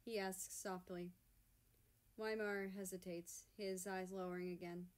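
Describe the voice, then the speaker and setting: Slow, soft-voiced woman reading a story. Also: mid-range voice, fairly even intonation. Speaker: fan fiction reader. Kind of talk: audiobook story narration.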